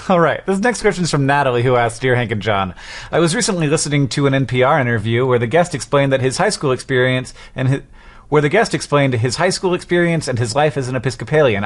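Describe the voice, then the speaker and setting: A man co-hosting a casual comedic chat, wry and quick to laugh, reading out listener letters. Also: mid-range voice, expressive. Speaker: podcast co-host.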